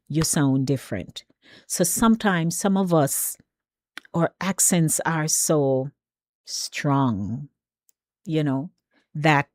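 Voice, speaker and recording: Give me a lower-voiced Jamaican woman chatting on the radio with a dry, close sound. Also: dark tone, no echo. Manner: chatty and emphatic, with drawn-out stresses. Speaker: radio talk show host. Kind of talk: casual call-in radio chat.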